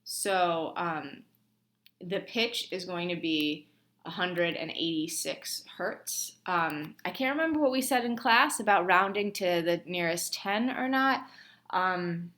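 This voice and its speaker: A woman's voice: on the low side, takes it slowly, fairly bright tone. A woman instructor walking students through a lab task on screen, talking informally with many ums and restarts. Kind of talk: screen-recorded lab walkthrough.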